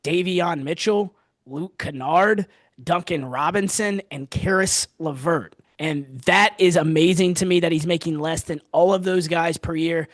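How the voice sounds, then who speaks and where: Young male podcast host, fairly high voice, dry close sound, animated sports talk. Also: measured pace, dry recording. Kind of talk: casual sports podcast chat.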